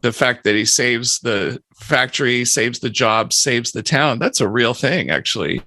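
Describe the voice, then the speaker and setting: A man's voice: medium pitch, unhurried, pushed and bright, no room sound. A man on a video call podcast, telling a rambling, enthusiastic story in casual chat. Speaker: podcast panelist.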